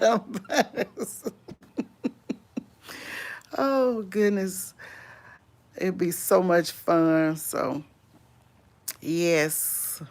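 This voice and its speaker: Woman, unhurried drawl, chatty live-stream talk, laughs often, outdoors on a walk. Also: lowish voice. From Louisiana. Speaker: vlogger host. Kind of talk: casual live-stream chat answering viewers.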